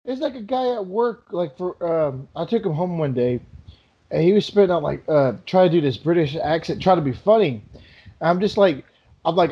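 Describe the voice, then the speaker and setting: A man's voice: a little high, lively intonation, fairly quick, breathy edge. A man in a casual chat, rambling through stories and acting out what he and others said. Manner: rambling, acts out his own quotes in storytelling. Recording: dull lo-fi recording.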